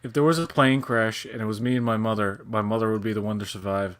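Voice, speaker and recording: A man's voice: fairly low pitch, steady tone, fast talker, no room sound. A man co-hosting a casual watch-along chat, rambling loosely with many fillers. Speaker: podcast co-host.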